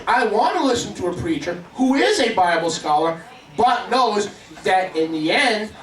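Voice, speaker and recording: A man preaching a sermon to a congregation, emphatic and calling for responses. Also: sits high. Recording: echoey room, mic at a distance.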